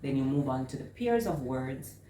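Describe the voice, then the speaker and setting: Low-voiced woman teaching vowel sounds. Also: animated, mellow, a little hiss or hum. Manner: slow, overemphasized sounding out of vowel words. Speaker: reading teacher. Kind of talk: instructional talk on phonics. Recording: echoey room with faint ambience.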